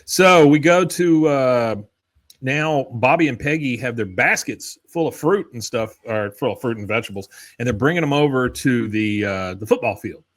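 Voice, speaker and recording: A man's voice: medium pitch, normal speed, fairly bright tone. A man co-hosting a casual podcast, recapping scenes and reading out quoted lines with chuckles. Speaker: podcast co-host. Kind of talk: casual episode recap chat.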